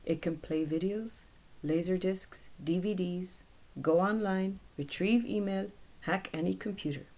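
A woman voicing a composed young male genius who speaks in a brisk, matter-of-fact way. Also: fairly low pitch, darkish tone.

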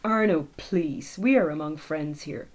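A woman voicing a sly, smug older male businessman who talks in a breathy, half-whispered way. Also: low-pitched, measured pace.

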